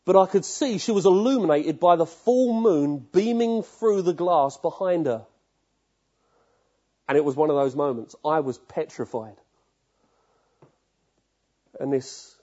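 A male preacher with a slightly high, mellow voice and a husky edge, heard on a dull lo-fi recording. He preaches with vivid storytelling and often turns to ask his listeners questions. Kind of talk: sermon.

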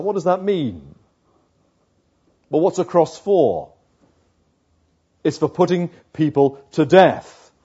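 Slow, emphatic male preacher. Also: on the high side, mellow, slightly rough, dull audio. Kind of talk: sermon.

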